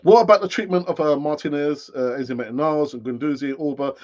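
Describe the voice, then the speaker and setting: Man, late fifties, higher-pitched voice, rambling live-stream host, dull lo-fi sound. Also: a little fast, darkish tone. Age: late 50s. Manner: rambling, chatty, with frequent fillers and restarts. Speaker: football fan channel host. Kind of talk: live-stream chat commentary.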